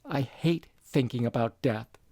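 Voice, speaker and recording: A man's voice: medium pitch, a little slow, a little mellow, no room sound, lightly acted. A man voicing a grieving young woman who sounds resentful and pleading. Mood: upset.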